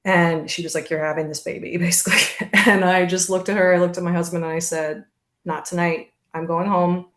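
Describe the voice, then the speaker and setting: A woman as a podcast guest, telling her birth story in a candid, steady way and acting out what others said. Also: on the low side, fast talker, few pauses, reverberant. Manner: candid, steady narration with reenacted quotes. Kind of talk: conversational storytelling.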